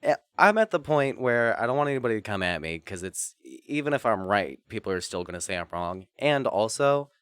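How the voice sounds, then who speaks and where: A man's voice: on the low side, sing-song, brisk, few pauses, fairly bright tone, clear, resonant tone, no room sound, clean studio sound. A man co-hosting a podcast in casual chat, goofy at times and reflective at others. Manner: goofy, jumps between silly voices and musing. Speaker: podcast co-host.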